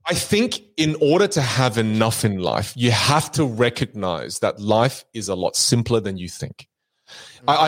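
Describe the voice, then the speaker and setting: Man, podcast chat, storyteller, animated, very lively pitch. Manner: animated storyteller, repeats words when excited. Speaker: podcast host, magician and keynote speaker.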